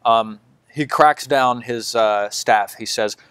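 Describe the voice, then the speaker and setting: A man's voice: mid-range voice, slow, a bit bright, clean tone, no room sound. A man narrating as dungeon master in a loose, filler-heavy way. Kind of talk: narrating a tabletop game.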